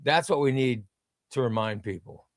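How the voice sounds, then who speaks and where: A man's voice: medium pitch, normal speed, no room sound, clean studio sound. A man hosting a casual comics livestream, chatty and friendly, greeting viewers by name and reading their chat messages aloud. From United States. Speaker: livestream host. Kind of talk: casual live-stream chat.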